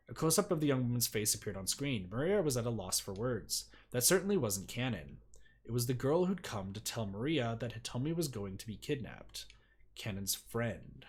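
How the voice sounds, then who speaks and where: A man's voice: mid-range voice, breathy edge. Man narrating a story game. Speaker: streamer. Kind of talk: reading a game's story text aloud.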